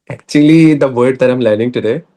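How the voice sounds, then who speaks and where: A man's voice: mid-range voice, normal speed, dark tone. Earnest young Indian man. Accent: Indian English. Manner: earnest, hesitant, laughs often. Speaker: guest. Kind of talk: casual chat.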